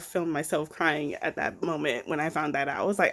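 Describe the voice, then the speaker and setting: A woman casually reviewing a mystery novel on her channel, excited and expressive, with slang and swearing. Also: fairly low pitch, normal speed. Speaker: BookTube reviewer. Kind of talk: casual book review vlog.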